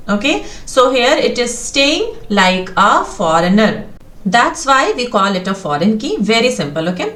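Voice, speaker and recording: A woman's voice: medium pitch, a bit bright. Woman, patient instructor, checks in often, roomy echo. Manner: patient, checks in with "okay?" and "right?". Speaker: SQL course instructor. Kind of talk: explaining lesson.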